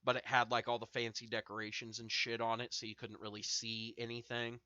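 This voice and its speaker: A man's voice: mid-range voice, completely flat delivery, a little fast, sharp tone, no echo, muffled recording. Profane young man rambling through a story. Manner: profane, rambling anecdote with many fillers. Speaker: streamer host. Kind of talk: casual storytelling to chat.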